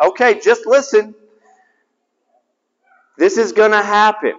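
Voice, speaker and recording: A middle-aged male chaplain delivering a casual, animated sermon, his pitch leaping and dipping as he drives points home. His voice sits a bit high for a man. It is captured with a dull, slightly lo-fi sound, and a long reverb trails through a large hall. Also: moderate pace. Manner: animated, conversational preaching with sudden drops to a hushed voice.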